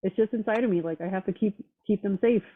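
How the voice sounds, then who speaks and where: Over tinny phone-line audio, a roundtable guest chats casually in a mid-range voice, talking fast. She's blunt and fired up, swearing heavily and sounding determined.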